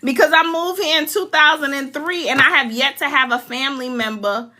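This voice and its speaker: A middle-aged woman from New York, telling family stories in a casual, animated way and acting out what her relatives said. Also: high voice, fairly quick. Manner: animated, laughing, acts out quoted relatives. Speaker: storyteller. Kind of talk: casual storytime.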